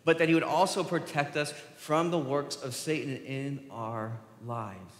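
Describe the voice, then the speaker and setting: A man preaching a sermon to his congregation, animated and asking them questions as he goes. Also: medium pitch, a little slow. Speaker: pastor. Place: church sanctuary. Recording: echoey long reverb from a church hall.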